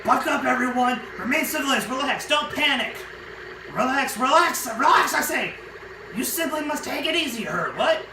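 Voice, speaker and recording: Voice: medium pitch, sing-song, moderate pace, reverberant, distant mic, background noise. A player voicing a pompous, bossy male ship owner who talks grandly and theatrically. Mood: flustered commanding. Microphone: phone.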